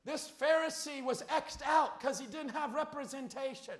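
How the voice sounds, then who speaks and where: A man preaching a fiery sermon as pastor, with rhetorical questions that build into shouts. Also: very high-pitched, normal speed. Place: church sanctuary. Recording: echoey church hall.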